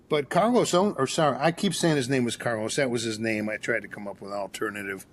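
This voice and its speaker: A man's voice: medium pitch, fast, hardly any pauses, a little hiss or hum. An older man, a therapist guest, telling a story in an interview and acting out the dialogue with energy. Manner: animated storyteller, acts out dialogue.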